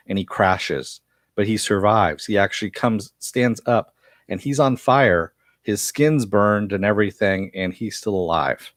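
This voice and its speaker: A man with a lowish voice talks through a TV episode in a relaxed, rambling recap, with lots of "uh" fillers and a bit of swearing. The sound is close and dry, with no room around it. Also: dry recording. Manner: chatty, loose retelling with frequent uh fillers and mild profanity. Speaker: TV series reviewer.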